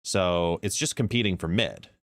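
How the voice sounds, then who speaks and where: A man's voice: sits low, moderate pace, a bit bright, no echo. A man streaming a card game live, explaining plays and chatting as he greets viewers by name. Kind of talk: live gameplay commentary and chat. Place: home, seated.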